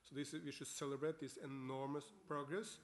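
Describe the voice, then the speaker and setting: A man's voice: mid-range voice, little pitch movement, a little fast. A middle-aged man from Norway with a Norwegian accent, giving a formal speech to a parliament as guest speaker. He talks in an upbeat way and repeats words while he searches for them. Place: parliament chamber.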